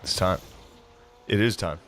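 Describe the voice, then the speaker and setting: A man's voice: sits low, unhurried, fairly bright tone, a little hiss or hum. A man hosting a podcast in casual chat, teasing his co-host, laughing often and slipping into acted quotes.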